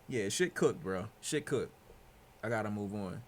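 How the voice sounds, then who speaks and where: A young man from Detroit streaming, talking to his chat in reaction commentary, excitable and profane, dropping to mutters and bursting out loud. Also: mid-range voice, moderate pace. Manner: excitable, swearing, jumps from mutters to loud outbursts.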